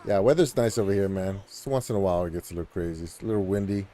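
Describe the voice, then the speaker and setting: A man's voice: deep voice, racing, dark tone. A man live-streaming a video game, chatting casually in a rambling, laid-back way with lots of fillers. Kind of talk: casual chat while gaming.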